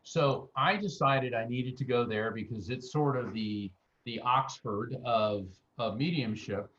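On a lo-fi recording, a medium-pitched American man speaks a little slowly. He's a guest medium in an interview, animatedly telling stories and performing the voices of people he quotes.

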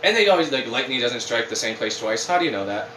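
A man's voice: mid-range voice, fast talker, distant mic, background noise. A man co-hosting a casual podcast, rambling and swearing as he rants. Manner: rambling, profane, animated ranting. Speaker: podcast co-host. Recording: roomy echo with faint ambience.

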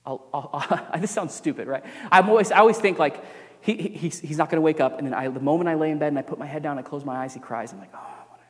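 Speaking quickly in a fairly high voice, a young pastor gives a sermon that rings with long reverb through the sanctuary. He shifts earnestly between emphatic preaching and quiet, confiding admissions.

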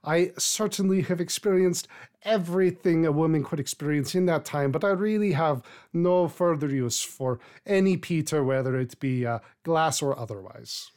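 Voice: medium pitch, normal speed, a little mellow, lightly acted. A game master voicing a formal, gracious old woman over eighty with a put-on accent that wanders. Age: older. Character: elderly female labor organizer, over eighty, gracious.

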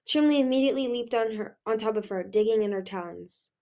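A young woman reading a fantasy novel chapter aloud in an expressive way. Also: a little high, fast talker. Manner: expressive, lively. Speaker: reader. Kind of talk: audiobook-style reading.

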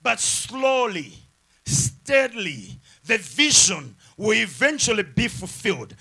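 A pastor preaching a sermon with emphatic repeated phrases, swinging from loud shouted lines down to quiet asides. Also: male voice, high-pitched, sing-song, slow pace, slightly rough.

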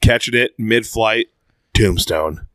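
A man in casual chat, quick to chuckle and react. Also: on the low side, fairly bright tone, no echo.

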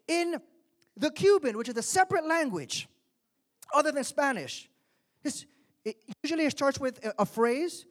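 A man preaches from the pulpit, his voice rising and falling through a wide, animated range. He moves between soft, conversational asides and loud, emphatic points as he drives his message home. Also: very high voice, normal speed, long pauses. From Miami, United States. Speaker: pastor. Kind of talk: sermon.

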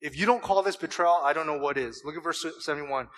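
A man's voice: fairly high pitch, fast, hardly any pauses, a bit bright. A man preaching a sermon to a church congregation, emphatic and full of rhetorical questions. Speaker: pastor.

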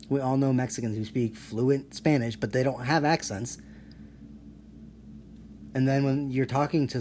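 A man's voice: medium pitch, dark tone, slight background noise. A man hosting his own podcast alone, rambling in a profane, sarcastic rant. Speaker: podcast host.

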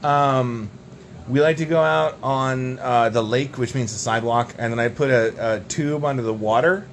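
Young dude rambling deadpan about silly stuff, podcast banter, bit of background noise. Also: male voice, mid-range voice, normal speed. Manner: deadpan rambling, tall tales. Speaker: podcast co-host. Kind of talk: absurd comedic banter.

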